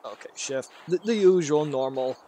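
A man's voice: fairly high pitch, expressive, moderate pace, warm tone, slight background noise. Jittery man playing a horror game. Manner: rambling, jittery, talks to himself. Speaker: gaming YouTuber. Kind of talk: horror game let's play commentary.

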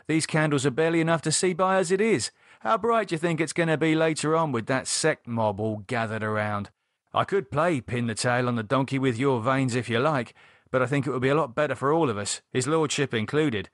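Here is a blunt, sweary man with a dry wit, talking quickly and sardonically in a storybook horror scene, as a male reader puts him on. His voice sits at an ordinary middle pitch. The recording is close and dry, with no room sound. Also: fairly bright tone, dry recording, natural voice. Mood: sardonic. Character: edgy blunt man reviving a vampire.

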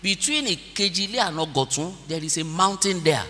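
A man preaching a sermon, leading the congregation in call-and-response and rising into shouted prayer. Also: high-pitched, lively intonation, moderate pace, hardly any pauses. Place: large church hall. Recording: long church hall reverb.

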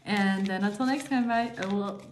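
A woman giving a tarot reading to her viewers, excitable and repeating herself, her voice jumping up high when thrilled. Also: moderate pace, reverberant, slight background noise. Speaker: tarot reader.

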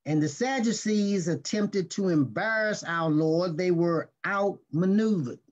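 A male pastor gives a sermon, reading scripture and explaining it with deliberate stress on key words. His voice sits high, and he takes his time over each phrase. The recording is dull and lo-fi. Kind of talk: sermon teaching.

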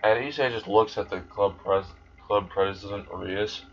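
A man's voice: lowish voice, a little slow. A young man casually retelling a fan story, rambling and swearing freely. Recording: dull lo-fi recording.

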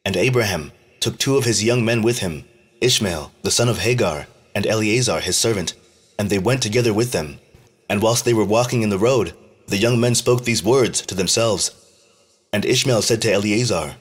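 A man reads an ancient religious text aloud at a steady, measured pace. His voice sits low with a husky grain. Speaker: scripture reader. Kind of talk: scripted reading of an ancient text.

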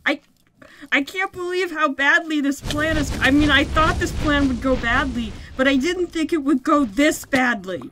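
A woman giving excitable, yelping play-by-play commentary on a survival game session, often laughing at her own bad plan. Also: sits high, moderate pace, noisy background. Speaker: gaming video creator. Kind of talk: Minecraft let's play commentary.

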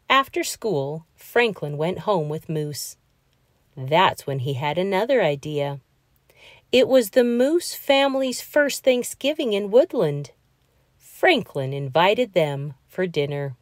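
A woman reading a children's picture book aloud, in a slow, expressive storytelling voice. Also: fairly low pitch, no echo, clean studio sound.

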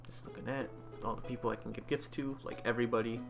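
A man talks through his farming game in a loose, casual way, thinking aloud about each move as he goes. His voice sits in an ordinary middle register. Soft game music plays faintly behind him. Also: medium pitch, little pitch movement, quick pace, gravelly. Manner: chatty, thinks aloud while playing. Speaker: gaming channel host. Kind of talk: casual gameplay commentary.

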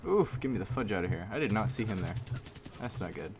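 Excitable man commentating a shooter game. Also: lowish voice, fairly quick, pauses often, noisy background. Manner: excitable, repeats himself, mild minced oaths. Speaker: gameplay commentator. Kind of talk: live video game commentary. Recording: loud game gunfire under voice. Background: gunfire and shooting game sounds.

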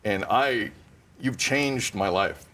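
A man's voice: lowish voice, takes it slowly, a bit bright, a little hiss or hum. A man co-hosting a morning TV show, speaking earnestly and with self-deprecation to his colleague. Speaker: morning TV co-host. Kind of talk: casual studio chat.

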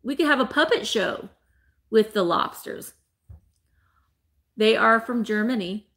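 A woman with a fairly high, a bit bright voice hosts a live online sale of vintage items at a measured pace. Animated and playful, she chats with viewers by name and laughs often in this casual auction stream.

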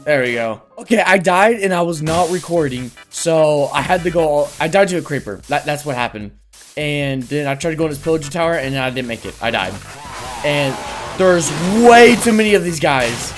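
A woman giving excitable gameplay commentary as host of a gaming video, often yelping and shouting at in-game sounds. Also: deep voice, moderate pace, soft background music. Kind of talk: excitable let's-play commentary.

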